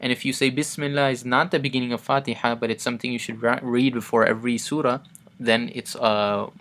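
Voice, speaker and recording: A man giving a pronunciation lesson, patiently explaining and repeating each sound slowly, with frequent fillers. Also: medium pitch, fairly even intonation, a bit bright. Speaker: Arabic pronunciation teacher.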